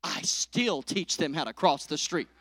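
A middle-aged man preaching a sermon, swinging from loud peaks to hushed lines and calling out to the congregation. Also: a little high, very animated, measured pace, no room sound. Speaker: pastor.

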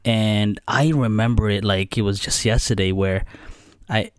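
A man's voice: on the low side, measured pace, clear, resonant tone, no room sound, clean studio sound. A man from the Philippines, chatting casually and telling a childhood story with laughs. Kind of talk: casual conversation.

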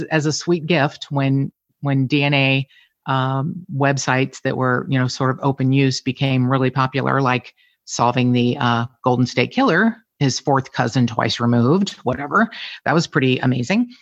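A woman's voice: extremely low pitch, normal speed, no echo, dull audio. A middle-aged woman from the Cincinnati area, talking candidly and animatedly as a guest in a casual conversation. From Cincinnati area, Ohio. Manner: candid, animated storyteller who curses freely.

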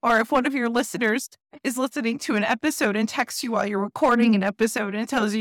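Woman co-host, quick banter, jokey quoting, dry close mic. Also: fairly high pitch, steady tone, no room sound. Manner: quick to agree, jokey, acts out quotes. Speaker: podcast co-host. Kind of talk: casual chat.

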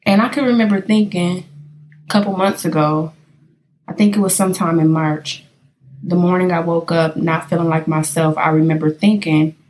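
A woman's voice: fairly low pitch, fairly even intonation, normal speed, darkish tone. A woman from California hosting a casual podcast, talking straight to her listeners as she tells stories. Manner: chatty storyteller addressing listeners directly. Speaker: podcast host.

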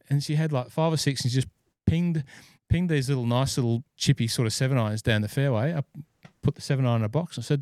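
A man tells a long, rambling story in a casual podcast chat, stopping often for fillers and restarts. His voice sits at a middle pitch. The sound is dry and close, with no room around it. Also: fast, darkish tone, dry recording. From Scotland. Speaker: podcast host and golf club fitter.

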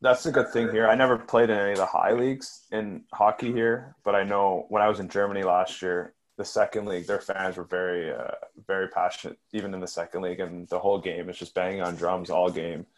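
A man's voice: deep voice, little pitch movement, fairly quick, hardly any pauses. A man, a hockey player guest on a podcast, chatting casually and rambling, often trailing off and restarting his sentences. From Canada.

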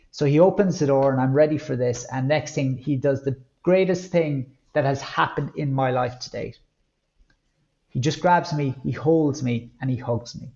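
A man's voice: a little high, highs cut off. Irish man telling a personal story. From Ireland. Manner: candid, reflective, with lively acted-out quotes. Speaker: guest.

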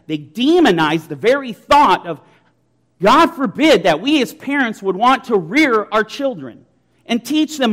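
Forceful high-voiced male preacher. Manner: forceful, emphatic preaching with rhetorical questions. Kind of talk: sermon.

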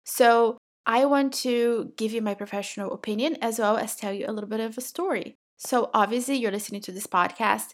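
A woman's voice: a little high, brisk, few pauses. A middle-aged woman from Brazil with a Brazilian accent, hosting her podcast in a direct, encouraging way. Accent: Brazilian Portuguese. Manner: direct, encouraging, talks straight to the listener. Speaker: podcast host. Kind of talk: casual solo podcast talk.

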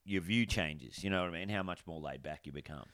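Laid-back Australian man, lowish voice. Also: fairly quick, a bit bright, no room sound, studio quality. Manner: laughs often, encouraging, blokey. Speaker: podcast co-host. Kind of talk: casual chat.

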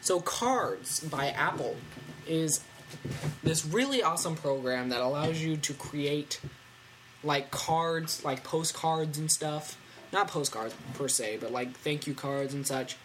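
Teen guy rambling about tech on his podcast, excitable, bit of hiss behind him. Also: fairly high pitch, takes it slowly. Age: teens. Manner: rambling and excitable, with lots of fillers and animated asides. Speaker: podcast host. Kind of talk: casual tech podcast chat.

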